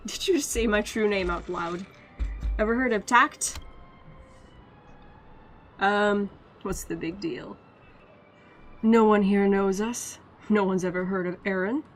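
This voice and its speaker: A woman's voice: medium pitch, natural voice. A woman doing a brash Irish lancer. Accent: imitated Irish. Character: brash Irish spearman hero, young man.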